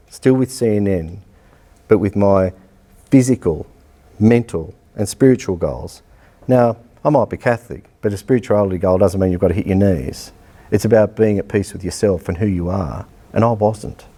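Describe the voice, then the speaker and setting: A middle-aged Australian man, an athletics coach, telling a personal story in a public lecture, blunt and animated, acting out bits of dialogue. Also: lowish voice, normal speed.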